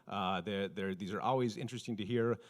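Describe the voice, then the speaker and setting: A man's voice: on the low side, a little fast. A man hosting a community event, reading announcements casually with fillers and a joke. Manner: casual, joking, many fillers. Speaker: event host.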